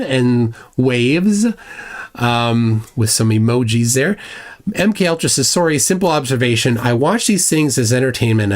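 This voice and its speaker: A man hosting a livestream, blunt and mocking, commenting sarcastically and reading viewer chats aloud with frequent restarts. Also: mid-range voice. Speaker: livestream host.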